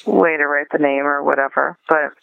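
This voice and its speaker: Soft-spoken woman on a dull phone line. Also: sits low, fairly even intonation, normal speed, gravelly, smooth, no room sound. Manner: hesitant, soft, many fillers. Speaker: author and guest. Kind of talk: interview over a phone call.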